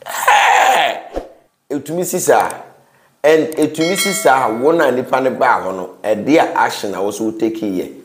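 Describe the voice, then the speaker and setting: A man's voice: medium pitch, moderate pace, over music. A Ghanaian man hosting a gossip news commentary, with pleading, preachy asides to his viewers. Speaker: host. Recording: roomy echo.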